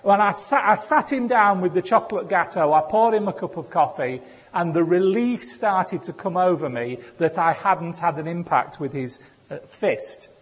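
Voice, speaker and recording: A man's voice: sits high, animated, moderate pace, breathy edge. A man giving a sermon in a conversational way, with self-deprecating humor. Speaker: preacher. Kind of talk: sermon with personal stories. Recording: echoey hall.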